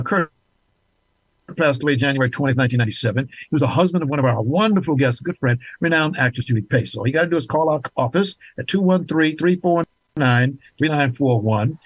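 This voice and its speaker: A man's voice: fairly high pitch, fairly quick, dry recording, poor audio. A man hosting a talk show, speaking emphatically and repeating key points for viewers.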